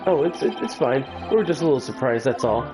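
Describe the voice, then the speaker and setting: Brief: a man playing a young polite lawyer, stammering, lively pitch, game music behind. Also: fast, lightly acted, rough recording. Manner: hesitant, stammering.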